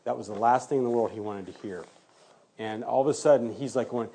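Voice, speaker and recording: A man's voice: mid-range voice, fairly quick, dark tone, slightly rough. A man who works as a forensic DNA criminalist, telling a story in an interview and acting out the exchanges he quotes.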